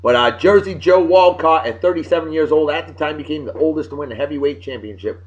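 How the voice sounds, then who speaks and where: A man reads off the day's history and throws in blunt, jokey opinions. His voice sits a little high for a man. The recording is dull and lo-fi, like a cheap home setup. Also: fast. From Massachusetts. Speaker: video blogger. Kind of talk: casual daily history rundown.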